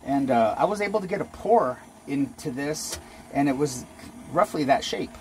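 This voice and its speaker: With lively intonation and a moderate pace, a man speaks in a medium-pitched, slightly mellow voice through a bit of hiss or hum. He's a jewelry maker vlogging his home casting work, chatting to "guys" while he works and poking fun at himself.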